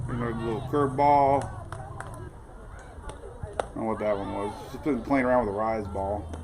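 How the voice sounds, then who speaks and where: A man hosting a weather show, chatting casually and excitably, often saying "man". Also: mid-range voice, normal speed, background noise. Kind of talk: casual live-stream chat.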